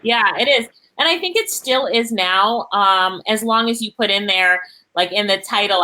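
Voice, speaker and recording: A Jamaican woman hosting a live online interview, chatty and lively, reading out viewer comments and laughing often. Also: medium pitch, normal speed, poor audio. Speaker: host.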